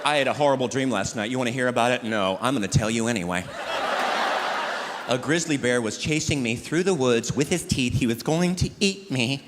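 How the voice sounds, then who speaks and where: A man's voice: mid-range voice, a little fast, in a large hall, noisy background. A man doing a stand-up routine about married life on a comedy club stage, acting out both sides of the banter. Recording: live club with loud crowd laughter.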